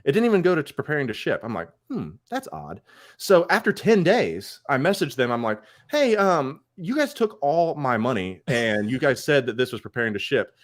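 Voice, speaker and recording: Male co-host, medium pitch, lively, acts out quoted exchanges in a loose chat. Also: moderate pace. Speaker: podcast co-host. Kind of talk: casual chat. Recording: online call.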